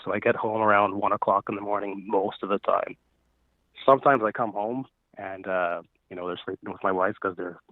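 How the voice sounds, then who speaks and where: A nervous man in his thirties calls in from Florida and haltingly tells a ghost story, full of fillers. His fairly low voice comes through a thin, tinny phone line, and the sound is dry and close.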